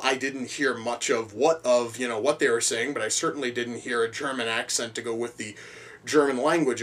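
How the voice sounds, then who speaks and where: A man reviewing a film in a loose, unscripted ramble, swearing freely and tripping over repeated words as he goes. His voice sits at an ordinary middle pitch and sounds a little distant from the microphone. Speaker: movie reviewer. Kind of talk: casual spoken film review.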